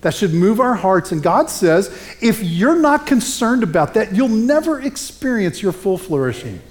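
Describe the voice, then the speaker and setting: Male pastor, sermon, animated conversational storytelling, higher voice, very expressive pitch. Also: normal speed.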